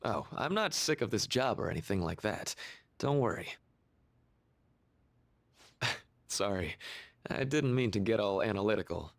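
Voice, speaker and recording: An actor playing a soft-spoken, thoughtful school counselor in a video game. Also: male voice, fairly low pitch, lively intonation, a little slow, creaky, long pauses. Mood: musing. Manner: soft-spoken, musing, apologetic. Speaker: game character.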